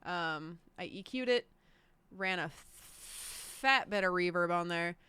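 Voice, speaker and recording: A woman's voice: on the low side, expressive, slow, bright, forceful tone, clear, resonant tone, no echo. A woman musician on a livestream chatting about how she produced her song, casual, self-deprecating and swearing freely. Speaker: musician streaming a production breakdown.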